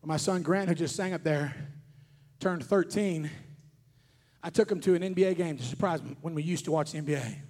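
A man, preaching a fervent sermon as pastor, shouting his points and mixing in joking asides. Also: on the high side, a little fast. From Kentucky. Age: 40s.

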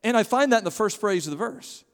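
A man preaching a sermon as pastor, animated and calling on his congregation to respond. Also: high voice, fast. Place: church sanctuary. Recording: long hall reverb.

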